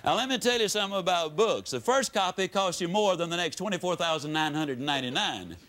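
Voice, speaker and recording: Addressing a live crowd, this motivational speaker from the United States has a folksy, theatrical manner, his voice rising and falling sharply in both pitch and loudness. His delivery is expressive and brisk.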